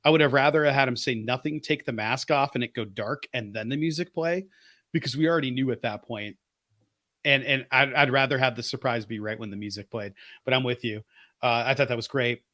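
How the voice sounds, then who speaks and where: A man talks through his picks in a casual podcast chat, eager and opinionated, thinking out loud as he goes. His voice sits in a middle range and comes across dry and close, with no room around it. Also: mid-range voice, fairly quick, dry recording. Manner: enthusiastic, opinionated, thinks aloud. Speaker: podcast co-host.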